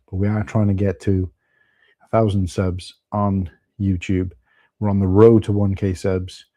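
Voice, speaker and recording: Low, mellow Welsh man chatting. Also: no echo. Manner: chatty, addresses viewers as mate. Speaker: live-stream host. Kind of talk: casual live-stream chat.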